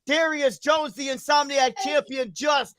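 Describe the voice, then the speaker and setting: Pitched high and keeping a measured pace, a host delivers thrilled play-by-play for a wrestling stream built on storylines, yelling and swearing at key moments. There's no room sound.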